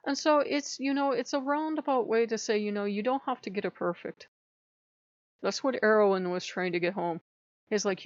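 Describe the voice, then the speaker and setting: This pagan vlogger speaks at normal speed in a mid-range voice, worn out and talking late at night. Her casual spiritual monologue is rambling and frank, with some self-mockery and the odd curse word. The recording is dry, with the highs cut off.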